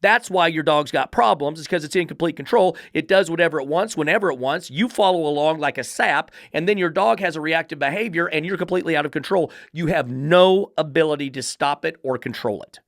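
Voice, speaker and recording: Blunt, profane dog trainer ranting. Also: male voice, a little high, a little fast, few pauses, a bit bright, no echo, clean studio sound. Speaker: dog trainer and podcast host. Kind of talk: ranting podcast monologue.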